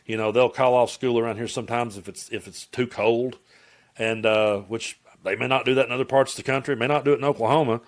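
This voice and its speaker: A man's voice: medium pitch, steady tone, quick pace. Blunt Appalachian man ranting casually. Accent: Southern US, Appalachian. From Tennessee, US. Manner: rambling, blunt, profane storytelling. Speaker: political commentator. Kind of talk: casual political commentary vlog.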